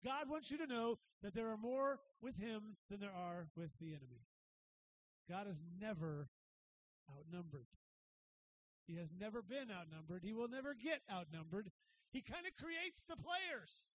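High-voiced energetic pastor preaching. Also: male voice, measured pace, a little hiss or hum, poor audio. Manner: energetic, swings from shouts to quiet asides; conversational, says "right?" often. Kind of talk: sermon.

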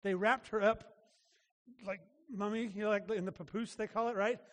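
A man's voice: high voice, steady tone, moderate pace, a bit bright. A man preaching a sermon as a pastor, earnest and emphatic, often restarting his phrases. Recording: long reverb of a large hall.

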